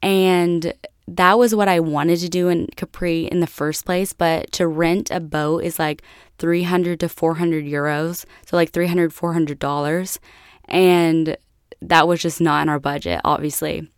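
A woman's voice: low-pitched, fairly even intonation, measured pace, clear, resonant tone, no echo, clean studio sound. A young American woman hosting a podcast, chatty and laughing often as she tells a travel story to her listeners. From United States. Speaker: podcast host. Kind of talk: casual solo storytelling.

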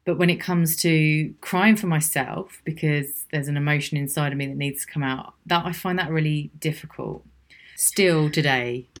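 A woman's voice: low voice, normal speed. A woman hosting a solo podcast, talking frankly and reflectively with small laughs. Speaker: podcast host. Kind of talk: candid solo podcast monologue.

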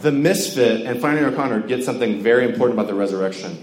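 Speaking very fast in a mid-range voice, a young Georgian delivers a loose, joking sermon packed with filler words to a campus crowd. Background noise and faint ambience come through the echoey hall.

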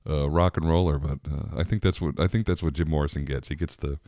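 A man with a very low voice talks his way through a loose, chatty podcast monologue. He rambles and laughs easily as he goes. The sound is dry and close, with no room echo. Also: fairly even intonation, fast talker, dark tone. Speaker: podcast host. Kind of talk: casual monologue.

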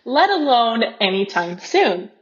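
Animated woman telling a personal story. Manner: animated, acts out her own inner dialogue with quick pitch jumps. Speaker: podcast guest. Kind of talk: candid conversational storytelling. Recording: dull lo-fi podcast audio.

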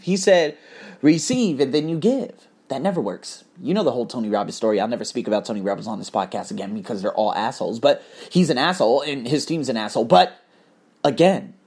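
Guy running his podcast, swears a lot, preachy, husky voice that jumps all over. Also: mid-range voice. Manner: animated, profane, preachy storytelling. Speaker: podcast host. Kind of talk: casual motivational podcast monologue.

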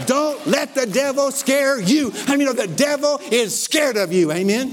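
A man with a high voice preaches with fire, pushing through fast runs and then stretching key phrases. He calls for amens and gets the congregation to answer back, in a church setting. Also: long reverb tail, slight background noise. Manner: energetic, calls for amens and responses. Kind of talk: sermon.

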